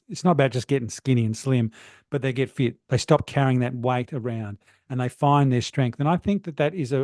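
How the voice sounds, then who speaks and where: A man's voice: mid-range voice, warm tone, no room sound, clean studio sound. A middle-aged man who is a guest on a podcast, talking earnestly about wellness coaching. He rambles with many fillers. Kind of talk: motivational podcast conversation.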